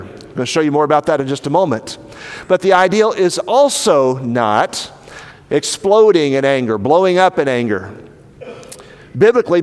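A man preaching a sermon as pastor, earnest and animated, sometimes dropping to a low, slow voice for emphasis. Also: in a large hall.

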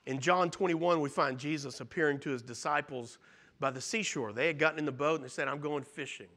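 A male pastor with a high, bright, forceful voice preaches in sermon style from start to finish. Animated and at a moderate pace, he earnestly retells scripture, swelling to loud emphasis and then falling to hushed tones.

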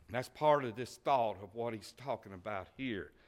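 A man preaching a sermon, swinging between loud emphasis and quiet, near-whispered asides. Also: on the low side, moderate pace.

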